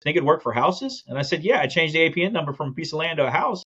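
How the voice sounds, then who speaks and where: Fast-talking man telling a story. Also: a little high, slightly rough, dull audio. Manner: fast, animated storytelling with acted-out quotes. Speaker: guest, land investor. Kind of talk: storytelling in a podcast interview.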